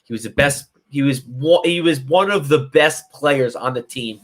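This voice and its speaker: A man's voice: medium pitch, normal speed, fairly bright tone. A man guesting on a football podcast, talking in a loose, rambling way with lots of "you know". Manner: rambling, full of fillers and restarts, easygoing. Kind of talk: casual football chat.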